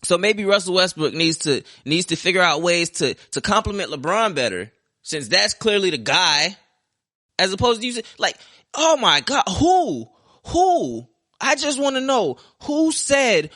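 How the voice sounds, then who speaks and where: Young male podcast host, forceful bright voice, profane sarcastic sports rant, dry close sound. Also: sits high, sing-song, a little slow, no room sound. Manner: heated, profane, sarcastic ranting. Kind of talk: ranting sports talk.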